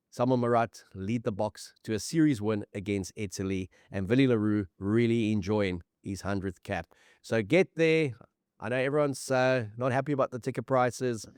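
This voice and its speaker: A man's voice: fairly low pitch, a little mellow, smooth, dry recording, clean studio sound. A man co-hosting a casual rugby podcast, full of bold predictions and banter. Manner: bold, banter-heavy predictions, quick to laugh. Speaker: podcast co-host. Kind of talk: casual sports chat.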